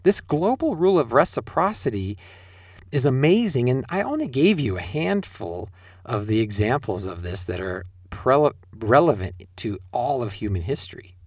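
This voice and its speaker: Middle-aged male preacher, animated delivery, rhetorical questions, dry close sound. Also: mid-range voice, moderate pace, slightly rough, no echo. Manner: rhetorical questions, addresses listeners directly. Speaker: spiritual teacher. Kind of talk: sermon-style talk.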